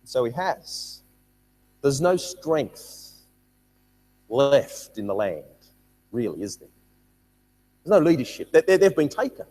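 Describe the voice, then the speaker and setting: A man teaching a Bible study, reading scripture aloud and explaining it with lively emphasis and repeated words. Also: medium pitch, slow pace, pauses often, in a large hall.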